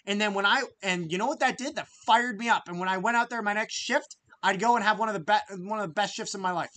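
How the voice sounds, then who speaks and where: A man calling a game as an emotional fan, his voice fairly high and bright-edged. He drops into low muttering, then bursts out loud, stammering and repeating himself when frustrated. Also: quick pace. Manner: emotional, swings between grumbling and excited shouting. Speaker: fan streamer commentating a live game. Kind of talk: live fan play-by-play commentary.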